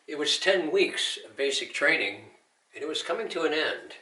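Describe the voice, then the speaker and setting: A man's voice: fairly high pitch, sing-song, normal speed, sharp tone, reverberant, far from the mic, rough recording. Older male veteran, earnest testimony, recorded off-mic. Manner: earnest storytelling with Christian encouragement. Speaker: Army veteran telling his story. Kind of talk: personal testimony.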